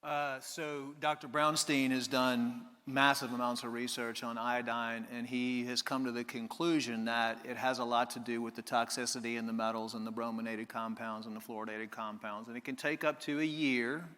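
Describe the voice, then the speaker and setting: A man speaking on a conference panel, animated and explaining at length. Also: mid-range voice, moderate pace, few pauses, in a large hall. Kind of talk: live conference talk. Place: conference stage.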